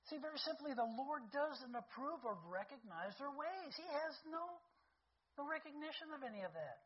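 A woman's voice: high-pitched, sing-song, moderate pace. A woman preaching a conversational sermon who keeps checking in with her listeners, heard on a dull lo-fi recording.

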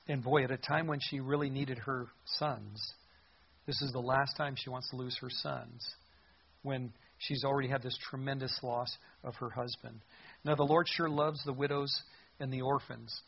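A man with a husky, slightly breathy voice preaches a sermon in an earnest, conversational manner. The recording sounds dull and lo-fi. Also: mid-range voice. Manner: earnest, conversational, reads scripture aloud. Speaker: pastor. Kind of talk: expository sermon.

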